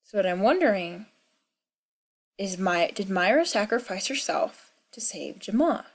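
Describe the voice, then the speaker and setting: A woman's voice: mid-range voice, lively intonation, unhurried. A young woman casually talking through game lore, musing and thinking aloud with fillers. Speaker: video creator.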